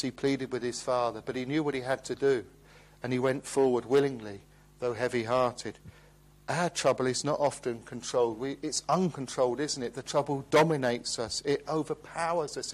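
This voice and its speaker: Earnest male preacher, gently pleading. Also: medium pitch. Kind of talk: sermon.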